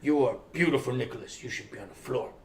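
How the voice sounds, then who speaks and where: A man's voice: medium pitch, fast talker, creaky, far from the mic, a little hiss or hum, natural voice. A man imitating his old Greek restaurant boss in a put-on Greek accent, gushing and bossy. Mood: doting. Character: middle-aged Greek restaurant owner, doting boss.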